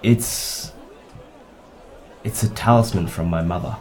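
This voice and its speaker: A man's voice: on the low side, slow pace, darkish tone, some chatter behind. A man playing a tabletop game, jokey, slipping into his character's lines. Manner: jokey, talks in character with laughs. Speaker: player.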